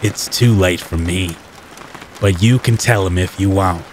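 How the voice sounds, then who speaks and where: A sinister older man who keeps a murderous elf, talking low and unhurried with a quiet menace, as a man voices him. His deep tone drags each word, and a faint wash of rain sits under the narration. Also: slight background noise. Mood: ominous. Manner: low, slow and calmly menacing. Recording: faint rain bed behind the voice.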